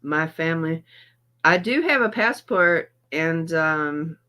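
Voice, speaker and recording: A woman's voice: low-pitched, expressive, slow, bright, forceful tone. A middle-aged woman hosting a livestream, chatting casually and greeting her viewers by name while in some pain and feeling a little off. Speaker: livestream host reacting to videos.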